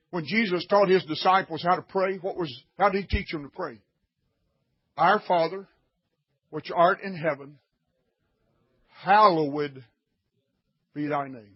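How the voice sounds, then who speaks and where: A man preaching a sermon in a blunt, scolding way, swinging from quiet teaching to shouts. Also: fairly high pitch, breathy edge, highs cut off.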